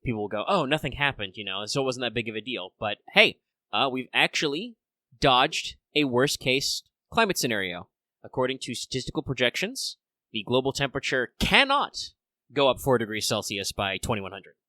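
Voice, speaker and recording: Man host, bright tense voice, rambling with fillers, slightly under the weather, dry close sound. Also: mid-range voice, big pitch swings, moderate pace, no room sound. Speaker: podcast host. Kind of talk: casual chat.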